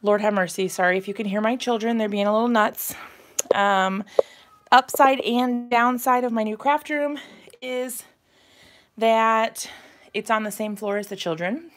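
A talkative woman in her thirties hosts a casual craft live stream from a room in her home. Her voice sits a little high, and she laughs often, apologizes, and fills her sentences with ums. She is sometimes winded, and her voice comes and goes as she moves nearer to or farther from the mic. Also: measured pace. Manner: chatty, apologetic, laughs often, many fillers. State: out of breath.

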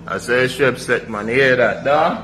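A man's voice: mid-range voice, moderate pace, pushed and bright, slight background noise. A man bantering casually and teasing friends in a clip. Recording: roomy clip with crowd chatter.

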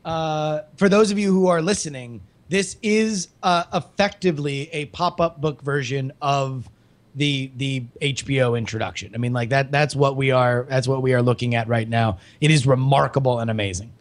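A man's voice: mid-range voice, normal speed. A man co-hosting a podcast in casual chat, joking and sarcastic, overheated in a hot room. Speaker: podcast co-host.

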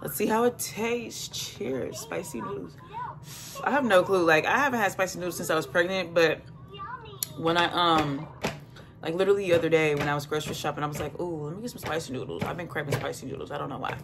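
A woman's voice: deep voice, fairly quick. A young woman vlogging at home in her kitchen, chatting loosely to camera with lots of "like" and sounding worn out. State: tired, drained. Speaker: vlogger, single mom working from home. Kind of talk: casual vlog chat to camera. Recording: noisy home ambience.

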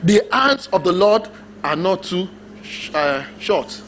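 A male pastor preaching a sermon, emphatic and animated, drawing responses from the congregation. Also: sits high, slow pace, a little hiss or hum.

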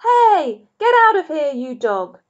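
A raving dump-king madman, a man who bellows shrill and furious at anything that touches his rubbish, put on by a woman reading a storybook aloud. The shouting is pitched high and loud. It comes through a dull, muffled recording. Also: sing-song, slow, heavily acted.

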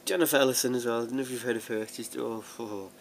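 A young man vlogs casually from home while sorting DVDs, rambling, laughing frequently, restarting sentences and making fun of himself. His medium-pitched voice is gravelly and fairly even, delivered quickly over slight background noise.

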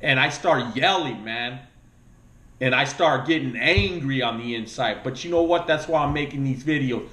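A man with a Latino American accent ranting about politics and pleading like a preacher, emotional, his voice jumping up high and dropping low. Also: moderate pace, sharp tone, echoey room. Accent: Latino American English. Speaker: vlogger. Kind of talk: impassioned political rant.

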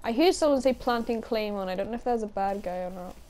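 A young woman, a gaming YouTuber, gives casual commentary full of swearing while playing a shooter, laughing often and shrieking now and then. Her voice is mid-range with a darkish tone, and she talks at a quick pace.

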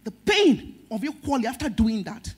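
A middle-aged woman with a Nigerian accent preaching a sermon as pastor, emotional, swinging between loud stress and soft words. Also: on the high side, sing-song, normal speed, husky.

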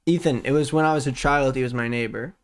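This young man hosts a casual livestream, laughing easily and shouting out viewers in his chat. He keeps the banter playful and light with his co-host. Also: medium pitch, fast talker. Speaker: streamer host.

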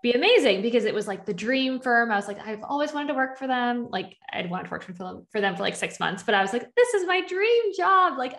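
A woman's voice: mid-range voice, fairly bright tone. Chatty young woman telling her story. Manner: chatty, heavy use of "like", acts out her own past thoughts. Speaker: podcast guest. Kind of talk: conversational storytelling.

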